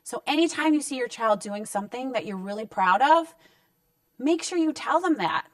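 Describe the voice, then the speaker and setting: In an expressive voice on the high side, moving at a moderate pace, a woman counselor shares discipline tips for parents directly to camera. She keeps it conversational and soothing and acts out quick parent-child moments. The mic sits a bit away from her, so she sounds slightly distant, with barely any room echo.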